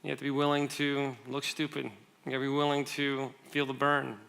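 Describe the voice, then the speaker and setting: A man giving a guest sermon, conversational and animated, asking the audience questions and telling stories with quick asides. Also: mid-range voice, vocal fry, clear, resonant tone. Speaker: guest speaker.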